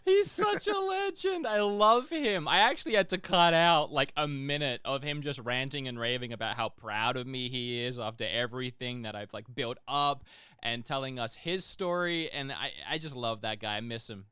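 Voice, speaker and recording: A man's voice: mid-range voice, moderate pace, sharp tone, clean tone, no room sound, studio quality. A man co-hosting a casual podcast, laughing often and teasing his guest playfully. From Australia. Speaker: podcast co-host.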